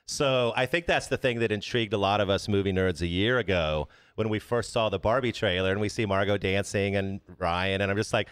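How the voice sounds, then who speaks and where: A man's voice: lowish voice, fast, few pauses, fairly bright tone, clear, resonant tone, no echo, studio quality. A man co-hosting a casual film podcast, talking enthusiastically and swearing freely. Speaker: podcast co-host.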